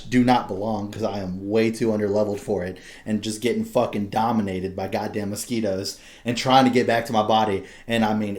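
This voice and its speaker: A man's voice: fairly low pitch, darkish tone. A young man hosting a podcast, chatting casually, laughing often and swearing freely. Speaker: podcast host. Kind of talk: casual chat.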